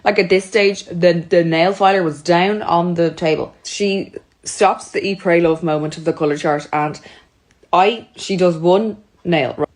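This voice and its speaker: A woman's voice: on the low side, fairly even intonation, a little slow. A young woman telling a chatty, exasperated storytime, acting out both sides of every exchange. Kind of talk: storytime monologue.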